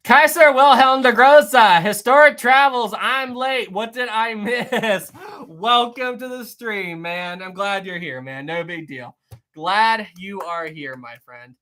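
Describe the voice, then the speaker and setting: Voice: mid-range voice, takes it slowly, pushed and bright. A live-stream host chatting casually and answering the chat, often repeating phrases.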